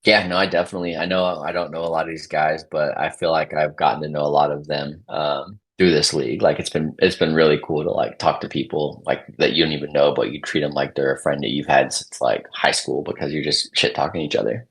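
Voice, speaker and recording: A man in his thirties, a podcast guest, talking casually in a subdued, near-monotone way. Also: extremely low pitch, fairly quick, hardly any pauses, slightly rough. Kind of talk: casual chat.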